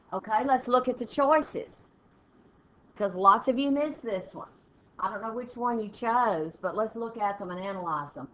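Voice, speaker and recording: A woman English teacher, walking a class through test punctuation questions step by step and reading example sentences aloud with pauses. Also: fairly high pitch, lively intonation. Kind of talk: classroom test-prep lesson. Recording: dull lo-fi classroom recording with faint noise.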